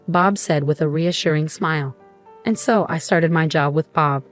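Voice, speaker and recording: A woman narrating a first-person story in an even, composed way. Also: low voice, moderate pace, soft background music.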